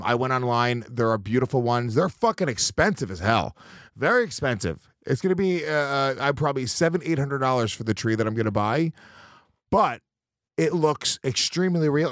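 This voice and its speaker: A man's voice: medium pitch, dry recording, studio quality. A man, co-hosting a podcast in casual banter, rambling loosely and swearing a lot. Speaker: podcast co-host.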